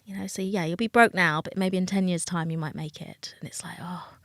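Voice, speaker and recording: A woman's voice: on the low side, brisk, fairly bright tone, dry recording. A middle-aged British woman, a dating coach, speaking frankly and emotionally in an interview, acting out other people's voices. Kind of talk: candid interview talk.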